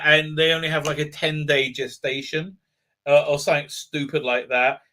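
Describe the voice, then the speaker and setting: A man's voice: a little high, pushed and bright. A man hosting a live stream, ranting sarcastically with many filler sounds. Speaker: host.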